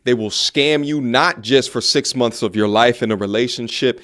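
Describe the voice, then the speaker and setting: A man's voice: mid-range voice, normal speed, a bit bright. A man hosting commentary, speaking bluntly in a preachy, slangy way. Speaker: host.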